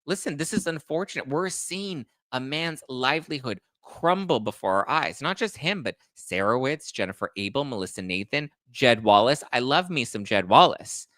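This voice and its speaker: A man's voice: mid-range voice, expressive, moderate pace, hardly any pauses, fairly bright tone, no room sound. A man hosting a casual commentary show, reading legal documents and viewer chat aloud and reacting with heated, indignant, swearing rants. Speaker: host.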